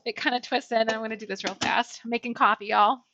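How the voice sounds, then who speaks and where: Bubbly high-voiced woman streaming from her kitchen. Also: fairly even intonation, fast talker, background noise. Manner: bubbly, chatty, warmly greets chat by name. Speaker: Twitch streamer. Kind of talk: casual livestream chat while baking. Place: home kitchen. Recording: slightly dull lo-fi stream audio, faint music.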